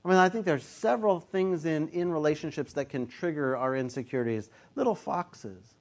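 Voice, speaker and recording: A man's voice: a little high, normal speed. A man in his fifties, a pastor, preaching a sermon in a casual, conversational way, sometimes acting out the voices he quotes.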